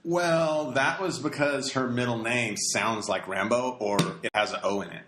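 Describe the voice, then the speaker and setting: A man's voice: mid-range voice, moderate pace. A man hosting a casual podcast chat, telling profane stories that often stop and restart mid-sentence. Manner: rambling, profane storytelling with stop-start restarts. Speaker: podcast host. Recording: echoey room with faint noise.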